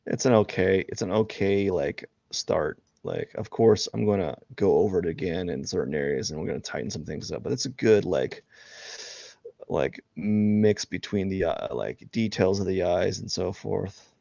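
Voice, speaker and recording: A man's voice: deep voice, animated, moderate pace, creaky, warm tone, dry recording, muffled recording. A man chatting casually and rambling with lots of fillers while he live-streams a drawing session. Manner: rambling, filler-heavy, self-mocking.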